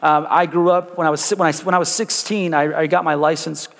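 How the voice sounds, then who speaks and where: A young man preaching in a church, his voice a bit high for a man. He tells stories loosely, with many fillers and restarts, then lifts into full preaching. A long hall reverb trails every phrase. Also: steady tone, a little fast, fairly bright tone. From Chicago area. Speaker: pastor. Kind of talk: sermon.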